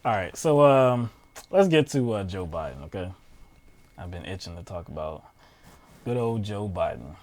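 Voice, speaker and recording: A man co-hosting a political talk show, chatting casually and reading news quotes aloud with frequent pauses and fillers. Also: low voice, expressive, a little mellow, slight background noise.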